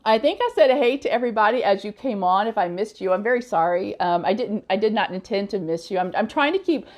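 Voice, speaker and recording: A woman's voice: medium pitch, animated, fast talker. A woman hosting a casual live question-and-answer stream, chatty, laughing often and blunt with trolls. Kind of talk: casual live-stream chat reading comments.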